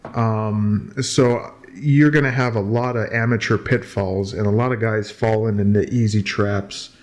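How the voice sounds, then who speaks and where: A man's voice: on the low side, steady tone, unhurried, darkish tone. A man giving casual, joking commentary while watching old fight footage, with lots of fillers and restarts.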